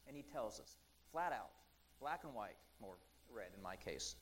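A man preaching a conversational sermon, chatty and full of ums and asides, who slows down to read scripture aloud. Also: lowish voice, animated, slight background noise, rough recording.

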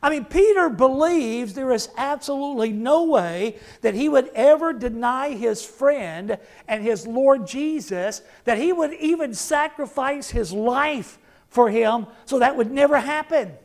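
A man's voice: very high voice, animated, unhurried. A male pastor preaching a sermon, emphatic, acting out the words of the figures he quotes and putting questions to the congregation.

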